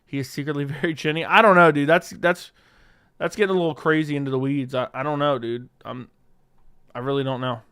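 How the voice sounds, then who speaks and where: A man's voice: a little high, fairly even intonation, brisk, a bit bright, smooth. A man hosting a live stream, casually reading viewer questions aloud and answering offhand, swearing freely into a studio mic. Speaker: livestream host. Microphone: studio dynamic mic.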